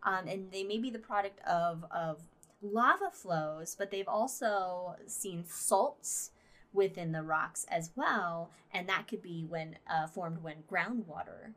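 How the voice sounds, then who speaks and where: A woman's voice: on the low side, slow, a bit bright. A woman co-hosting a casual podcast, rambling with frequent fillers and laughter. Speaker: podcast co-host. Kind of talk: casual chat.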